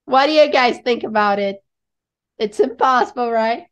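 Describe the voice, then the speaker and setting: A woman moderating a casual English conversation group, speaking in measured, hesitant phrases and asking the others questions. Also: a little high, muffled recording.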